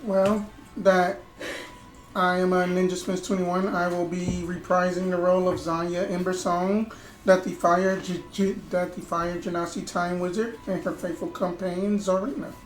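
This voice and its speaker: A woman's voice: lowish voice, level tone, normal speed. A woman introducing herself as a player in a tabletop game, chatty and easygoing. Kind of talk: casual tabletop chat. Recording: echoey room with audible noise.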